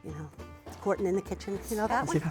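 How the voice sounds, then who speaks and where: A woman's voice: mid-range voice, fast talker, faint music behind. A woman hosting a cooking demonstration, chatting to a student and using "wee" and "you know" as she goes. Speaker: cooking teacher and show host.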